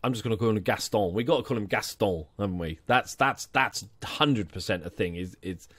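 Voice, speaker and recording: A man's voice: lowish voice, a little fast, fairly bright tone, slightly rough, dry recording. A young man commenting casually on his football management game, chatty and jokey, inventing nicknames for his players. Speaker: gaming channel host. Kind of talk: casual let's-play commentary.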